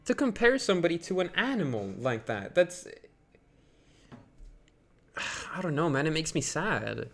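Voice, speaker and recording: A man's voice: fairly high pitch, very animated, a little slow, creaky, long pauses, a little hiss or hum. A man from Sweden, ranting on a live stream in a rambling, indignant way full of fillers. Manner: rambling, indignant, many fillers, bursts louder when outraged.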